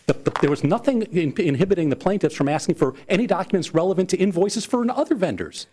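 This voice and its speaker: A man's voice: high voice, lively intonation, fast, darkish tone, breathy edge. A man arguing as an attorney before appellate judges, earnest and insistent, often repeating words as he presses his point. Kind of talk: courtroom oral argument.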